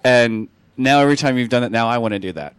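A man's voice: mid-range voice, fast, smooth. A man co-hosting a community radio music show, bantering and joking, sometimes putting on silly voices. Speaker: radio co-host.

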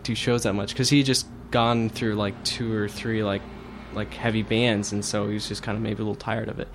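A man's voice: medium pitch, a little hiss or hum. A young man, a band's guitarist and songwriter, chatting casually in a radio studio, rambling with lots of fillers and restarts. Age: young adult. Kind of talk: casual interview chat.

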